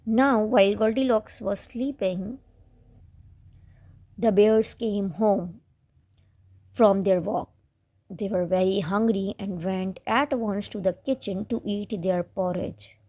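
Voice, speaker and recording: A woman reading a children's fairy tale aloud in a gentle storybook manner. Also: mid-range voice, slow, long pauses.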